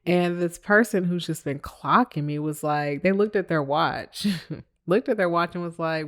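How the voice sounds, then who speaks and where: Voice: mid-range voice, a little slow. Podcast host ranting casually about work, emphatic, sassy, laughs a lot. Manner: animated, emphatic, laughs often; blunt, sassy asides to listeners. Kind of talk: casual storytelling monologue.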